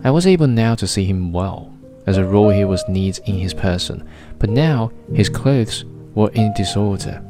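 Brief: male audiobook narrator, low voice, measured literary read, soft guitar underneath. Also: lively intonation. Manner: measured, literary first-person reading. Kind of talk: scripted narration. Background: faint guitar music.

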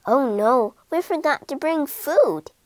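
A woman voicing a small, greedy female rat with a squeaky, high voice in a storybook reading. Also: animated, a little mellow, no echo. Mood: anxious. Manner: squeaky, high and fast-panicking.

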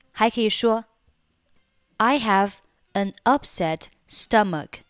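A woman teaching English phrases in a slow scripted lesson, reading each line twice with careful diction. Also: medium pitch, dry recording, clean studio sound. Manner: reads phrases twice, slowly and clearly.

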